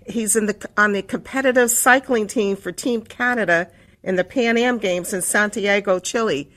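A woman's voice: medium pitch, moderate pace, a bit bright. Chatty, winded woman radio host. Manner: chatty, rambling, laughs often. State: winded, slightly out of breath. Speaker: radio talk show host. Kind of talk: casual on-air chat.

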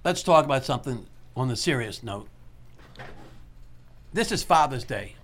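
A man hosting a call-in radio talk show, talking in an earnest, motivational way and repeating key points slowly. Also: medium pitch, expressive, fairly bright tone.

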